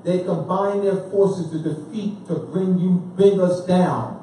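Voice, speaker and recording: A man's voice: high voice, takes it slowly, warm tone, slight background noise. A man giving an informal history lecture who questions his listeners and repeats points for emphasis. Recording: echoey room, speaker far from the mic.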